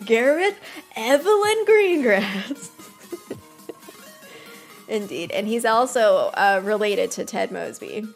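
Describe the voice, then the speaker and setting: Giggly woman streamer, unhurried chat. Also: on the high side, faint music behind. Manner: giggly, chatty, reads game dialogue aloud. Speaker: game streamer. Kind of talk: casual live-stream chat.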